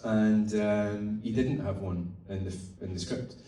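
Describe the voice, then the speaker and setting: An actor telling chatty, swearing, laughing stories at a festival talk, heard from the audience. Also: male voice, on the low side, fairly even intonation, a little slow, mellow. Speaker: actor guest. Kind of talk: onstage festival interview. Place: festival event hall. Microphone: audience phone far from stage. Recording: echoey hall recorded from far off in audience.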